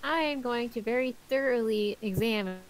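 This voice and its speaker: A woman playing a tabletop game over voice chat, eager to get on with things. Her voice sits a little high. She swears freely when she gets stuck. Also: moderate pace, poor audio. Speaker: player. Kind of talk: casual tabletop play.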